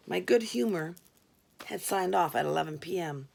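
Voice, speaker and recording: Gravelly-voiced woman reading a wry story. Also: on the low side, animated, moderate pace, a little mellow. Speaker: audiobook reader. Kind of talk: first-person story narration.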